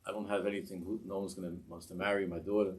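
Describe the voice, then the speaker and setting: A man's voice: sits low, little pitch movement, darkish tone, close to an everyday voice. A man voicing a poor, desperate male water carrier who pleads about his daughters. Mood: pleading. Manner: pleading, hurried confession.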